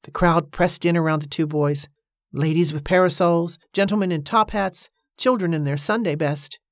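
A woman narrating an audiobook in a measured storytelling manner. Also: lowish voice, no room sound, clean studio sound.

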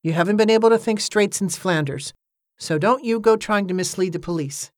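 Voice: mid-range voice, fairly quick, no room sound, studio quality, close to an everyday voice. A narrator reading the lines of a blunt, guarded older boatman in an audiobook. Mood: curt. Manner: curt and firm, sharp when crossed. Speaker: character in an audiobook.

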